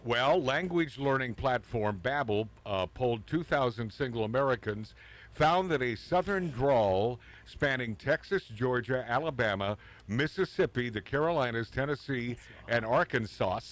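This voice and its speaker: A man's voice: mid-range voice, lively intonation, moderate pace. Male talk radio host, joking banter, breaks into laughs while reading news items. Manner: jokey, laughs often, reads news items aloud.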